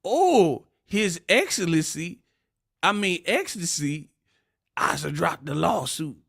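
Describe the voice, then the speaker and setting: A man's voice: a little high, slow pace, vocal fry, husky, dry recording, clean studio sound. A man hosting a casual boxing commentary rant, mocking and laughing as he talks. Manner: animated, mocking, laughs often.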